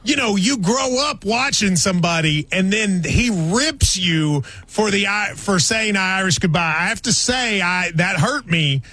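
A male sports radio host bantering with his co-host, animated and self-deprecating, jumping into higher exclamations. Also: a little slow, hardly any pauses, breathy edge. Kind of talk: casual banter on a sports show.

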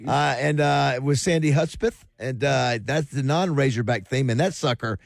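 A man's voice: medium pitch, normal speed, creaky, no room sound, clean studio sound. A man hosting a morning radio show, running the segments in loose, chatty banter. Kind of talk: casual on-air banter.

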